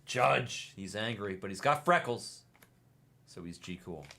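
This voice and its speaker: Animated low-voiced man hosting live breaks. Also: a little slow, creaky, a little hiss or hum. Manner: excitable, teasing banter. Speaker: live card-break host. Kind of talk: casual live-stream commentary.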